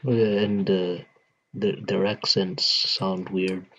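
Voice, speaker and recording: A man in casual chat who asks questions hesitantly, with many pauses and restarts. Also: sits low, flat delivery, a bit bright. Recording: dull lo-fi recording.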